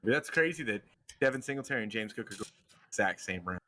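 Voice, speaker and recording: A man's voice: lowish voice, lively intonation, fast, pushed and bright. A man co-hosting a casual fantasy football podcast, hesitating and thinking aloud over his picks. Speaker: podcast co-host.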